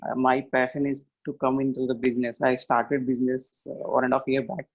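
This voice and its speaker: A man speaks in an even, flat tone on a video call, pausing often and using many fillers. He answers the host with short agreements. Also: medium pitch, husky, muffled recording. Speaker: webinar participant. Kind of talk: casual chat.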